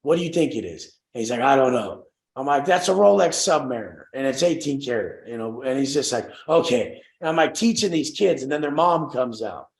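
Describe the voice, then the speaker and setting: A man's voice: mid-range voice, animated, a little fast. Brash swearing male coach, echoey room. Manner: brash, swearing, acts out quoted voices. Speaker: coaching call host. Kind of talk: motivational group coaching call.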